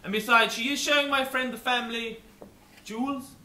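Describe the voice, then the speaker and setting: A woman playing a haughty, irritable gentleman husband in an amateur stage comedy. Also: on the high side, fairly even intonation, normal speed, a little hiss or hum. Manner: haughty, blustering. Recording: echoey theatre hall from far off.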